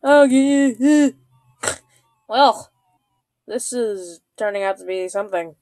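A woman's voice: fairly high pitch, slow, darkish tone, dry recording, faint music behind. Woman muttering through a game playthrough. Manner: offhand, joking, muttered asides. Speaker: gamer. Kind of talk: casual let's play commentary.

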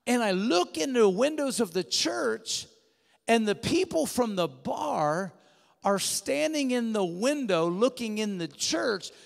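A man preaching a sermon, telling a story animatedly and swinging from hushed to loud. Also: extremely high pitch, lively intonation, a little slow, gravelly. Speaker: guest preacher. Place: church sanctuary. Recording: church hall reverb.

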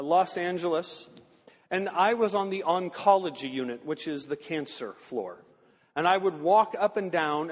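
A man preaching a sermon in earnest storytelling fashion, slowing down to stress key words. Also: on the high side. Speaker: pastor. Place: large church sanctuary. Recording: long hall reverb.

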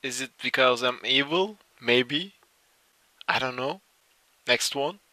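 Reacting to clips on stream, this young man keeps saying he isn't laughing even as he giggles, cursing frequently throughout his casual commentary. He speaks slowly at a medium pitch over a noisy background.

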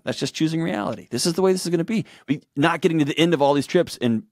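An earnest man in his forties with a drawl, speaking at a middle pitch in a dry, close studio sound. He tells personal stories and slips into other people's voices when he quotes them. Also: lively intonation, very fast, creaky, few pauses, dry recording. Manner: earnest storytelling, acts out quotes in shifting voices. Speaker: guest, author and show host. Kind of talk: candid conversational interview talk.

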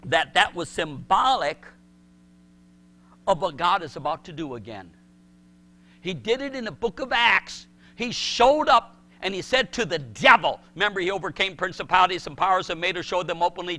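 A man's voice: high voice, expressive, normal speed, bright, forceful tone. A male pastor preaching a sermon, emphatic and repetitive, acting out the voices he quotes.

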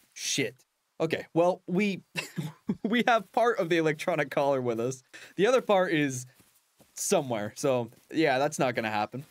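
A young man talks through a hunting game in a loose, chatty way, laughing and cheering on his virtual dog. His voice sits a bit high for a man. His pitch swings widely as he reacts. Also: no echo. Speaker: gaming channel host. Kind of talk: casual gameplay commentary.

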